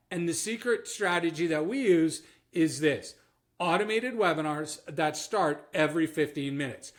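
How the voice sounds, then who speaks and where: A Canadian-accented man coaches other business owners in a direct-to-camera talk, his voice sitting a little high for a man. He is emphatic and keeps checking in with his listeners as he drives each point home.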